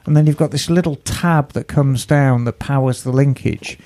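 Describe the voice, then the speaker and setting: A man's voice: medium pitch, moderate pace. A man co-hosting a motorcycle podcast, explaining repairs in casual chat. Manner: animated, explaining mechanics, teasing. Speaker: podcast co-host.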